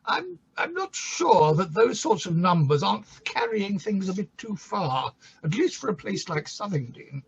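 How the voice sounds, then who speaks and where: A husky, high, lively voice belongs to a tipsy, camp bishop who fusses and drops into scripture, as an actor plays him. The recording is dull and lo-fi. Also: male voice, unhurried, full character voice. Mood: flirtatious. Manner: fussy, camp, quoting scripture. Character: tipsy, flirtatious middle-aged bishop. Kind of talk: comic stage play reading.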